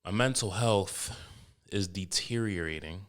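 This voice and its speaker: A man's voice: low-pitched, unhurried, fairly bright tone. A man hosting his own podcast solo, talking in a candid, rambling, joking way with plenty of profanity. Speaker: podcast host. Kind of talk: casual solo podcast talk.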